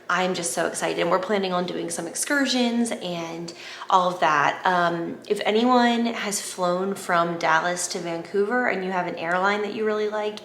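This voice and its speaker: A woman, chatting to camera in a gushing vlog, repeating herself when excited. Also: on the low side. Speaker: vlogger. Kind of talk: casual chat to camera. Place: home at night. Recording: echoey room, faint background noise.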